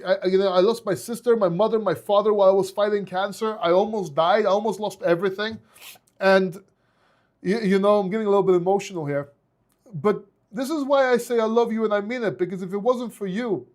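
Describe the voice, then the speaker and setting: A man's voice: high-pitched, a little mellow. A man with a Greek accent, a crypto YouTuber talking casually and heartfelt to his viewers, often restarting his words.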